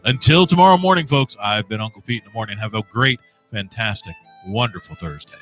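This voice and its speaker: A man's voice: on the low side, expressive, fairly quick, fairly bright tone, faint music behind. A man in his fifties hosting a morning radio show, talking in a preachy, rambling, folksy way. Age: 50s. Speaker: radio host. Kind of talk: opinionated radio monologue.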